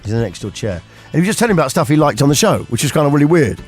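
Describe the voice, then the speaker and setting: A man's voice: a little high, sing-song, very fast, a little mellow, breathy edge, soft background music. A man hosting a radio show, telling rambling anecdotes in casual chat. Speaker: radio host.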